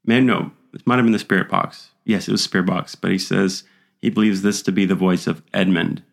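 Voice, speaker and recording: A man's voice: low voice, a little fast, vocal fry. A man hosting a podcast, casually retelling a story and acting out the voices he quotes. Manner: animated, acts out quoted voices. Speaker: podcast host.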